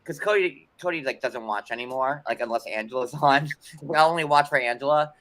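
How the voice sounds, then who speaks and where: A man hosting a casual panel chat, talking in an animated way with lots of filler words. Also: medium pitch, a little fast. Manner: animated, heavy filler words, acts out quotes loudly. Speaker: host.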